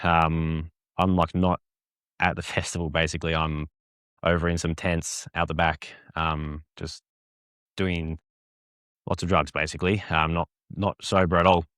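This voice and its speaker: Low-voiced man telling a testimony. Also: little pitch movement, unhurried, a bit bright, clear, resonant tone, no echo, clean studio sound. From Australia. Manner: rambling, many fillers and restarts. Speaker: podcast guest. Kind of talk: personal testimony in casual conversation.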